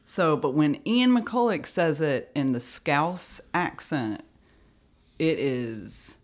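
A woman co-hosting a podcast speaks at an unhurried pace in loose, casual chat. She laughs easily and leans into quoted passages with relish. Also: low-pitched, lively intonation. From United States. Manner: chatty, laughs often, reads quotes aloud with emphasis. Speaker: podcast co-host.

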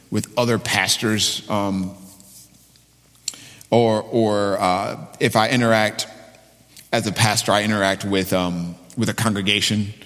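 A man's voice: lowish voice, fairly bright tone. Man preaching in a reverberant church. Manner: halting, with frequent restarts and fillers. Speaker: pastor. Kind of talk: sermon with prayer. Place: church sanctuary.

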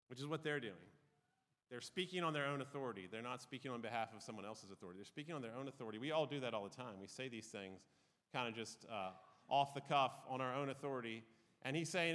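A man's voice: medium pitch, fast, pushed and bright. A man giving an informal, conversational Bible teaching, with frequent ums and uhs. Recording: reverberant hall.

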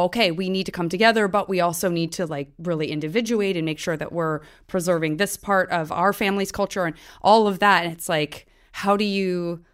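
A woman's voice: lowish voice, clean tone. A woman from Tucson hosting a podcast, chatty and playful, acting out quoted voices in casual conversation. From Tucson, USA. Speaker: podcast host.

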